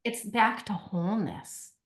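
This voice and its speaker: Reflective woman guest, earnest, mid-pitched. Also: lively intonation, measured pace, a bit bright. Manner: reflective and earnest, often ending with a questioning "right?". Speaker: podcast guest, company CEO. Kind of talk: conversational podcast interview.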